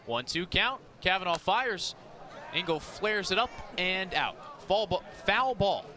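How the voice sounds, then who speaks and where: A man calling live baseball play-by-play, rattling off pitches and counts, rising to shouts on big plays. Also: big pitch swings, unhurried, a little hiss or hum. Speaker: play-by-play announcer. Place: outdoor ballpark broadcast booth. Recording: outdoor ballpark crowd behind. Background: ballpark crowd.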